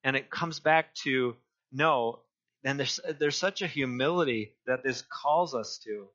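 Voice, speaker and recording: A male pastor preaching a sermon, deliberate and often repeating and restarting his phrases. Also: medium pitch, a bit bright, highs cut off.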